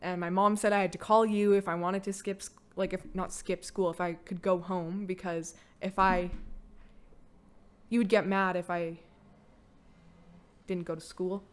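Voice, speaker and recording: A woman's voice: lowish voice, level tone, unhurried, pauses often, clear, resonant tone. A young woman telling her own story on a podcast, candid and casual, full of "like" fillers and blunt swearing. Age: young adult. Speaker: podcast guest, host's daughter.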